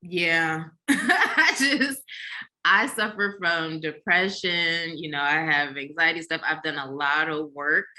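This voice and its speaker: Bright-voiced woman in candid chat. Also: low-pitched. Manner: candid, expressive, talks fast when animated. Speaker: podcast host. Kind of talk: casual chat.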